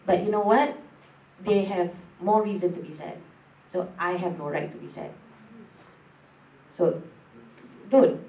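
A woman's voice: lowish voice, steady tone, slow, pauses often, a little mellow, roomy sound, distant mic, slight background noise, low-quality recording. A Malaysian woman talking candidly as a guest, moving between English and Malay. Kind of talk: casual talk show chat.

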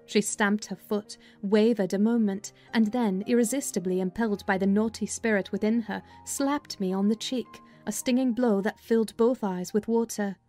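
A woman narrating a dramatized audiobook of a classic novel, with a measured, expressive storytelling manner. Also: medium pitch, faint music behind.

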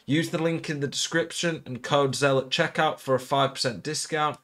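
A man's voice: a little high, steady tone, normal speed, fairly bright tone. A man reading a scripted sponsor ad in an upbeat, salesy way. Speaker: ad announcer. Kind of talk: scripted ad read.

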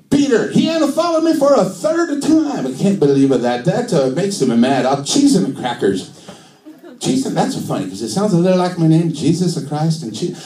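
A comedian putting on a fake Italian accent to play Jesus as an excitable man, talking in broken English. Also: mid-range voice, roomy sound, recorded from a distance, natural voice. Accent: put-on Italian. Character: Jesus as a chatty social media user, adult man. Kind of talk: stand-up character bit.

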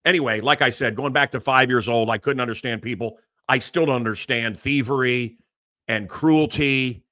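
A man's voice: medium pitch, normal speed. Ranting male talk show host. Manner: animated, mocking, mimics voices. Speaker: radio host. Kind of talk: ranting monologue. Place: small studio with audience.

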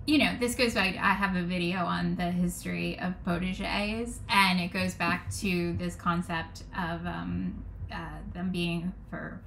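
A woman's voice: on the low side, vocal fry, a bit bright, slight background noise. A woman talking through garden design ideas as a vlogger, thinking aloud with frank opinions and frequent restarts. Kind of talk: casual rambling commentary.

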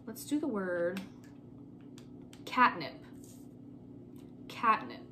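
A young woman teacher speaks slowly and patiently, repeating each word and spelling it letter by letter for small children at home. She has a middle-pitched voice, and a clear hiss of background noise runs under the recording. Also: expressive, pushed and bright.

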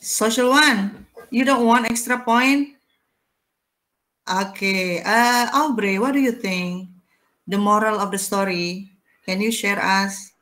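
A woman's voice: medium pitch, slow, a bit bright. A woman with an Indonesian accent teaching an online English class, coaxing her students to answer. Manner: coaxing, encouraging. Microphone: video call.

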